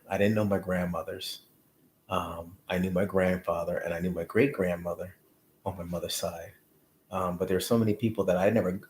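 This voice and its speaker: A man with a very low voice hosts his own casual show. He rambles through a personal story and often restarts his sentences. He keeps the tone relaxed and conversational. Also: roomy sound, a little hiss or hum. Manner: rambling, restarts, quotes family. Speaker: show host. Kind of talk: casual talk to camera.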